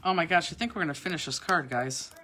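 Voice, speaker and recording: A woman's voice: low-pitched, fast talker, bright, forceful tone. A middle-aged woman hosting a live card-making class, chatting and giving step-by-step instructions with teasing asides. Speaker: crafting class host.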